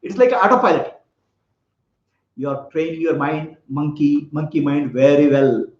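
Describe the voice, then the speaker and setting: A spiritual teacher with a higher-pitched voice gives an unhurried talk, telling a parable, putting questions to his listeners and laughing often. The room is echoey and the sound slightly dull and lo-fi.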